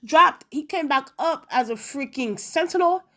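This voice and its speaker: A woman in a casual episode review, chatty and animated, acting out quotes with lots of fillers. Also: high-pitched, normal speed. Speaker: video reviewer.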